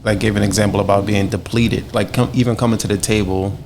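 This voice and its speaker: A man's voice: fairly low pitch, level tone, fast, background noise. A man speaking as a podcast guest in a casual discussion, making earnest, emphatic points with rhetorical questions.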